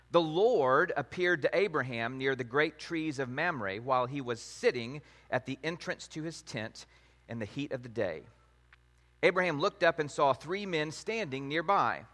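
Guy teaching a sermon, kinda high voice, reads verses slow and steady. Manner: measured, reads scripture aloud. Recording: long hall reverb.

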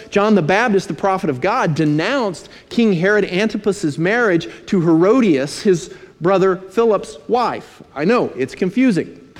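A man preaching a sermon, emphatic, slowing to stress key phrases and dropping in dry asides. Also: high voice. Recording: long hall reverb.

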